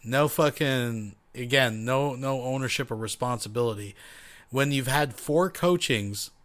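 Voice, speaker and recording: A man's voice: medium pitch, unhurried, a bit bright. A man hosting a commentary show, reacting to a clip bluntly and profanely and talking to his viewers as folks.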